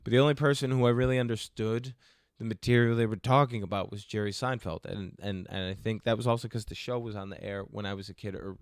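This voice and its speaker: A man's voice: lowish voice, steady tone, fast talker, dry recording, studio quality. A man hosting a podcast alone, answering listener questions in a joking, rambling, self-mocking way. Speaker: podcast host. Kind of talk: casual solo Q&A.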